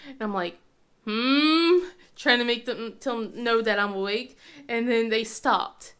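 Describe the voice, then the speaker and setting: A woman in her thirties with a slightly high voice tells casual stories. She is getting over a cold and laughs often. Now and then she puts on her children's voices. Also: fairly even intonation, normal speed, fairly bright tone, clear, resonant tone. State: sick with a cold. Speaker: crafting vlogger. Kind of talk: casual chat.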